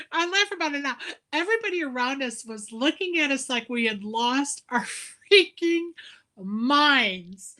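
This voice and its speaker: A woman's voice: high-pitched, pushed and bright. A woman telling a story in casual chat, laughing often as she talks. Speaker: live stream co-host.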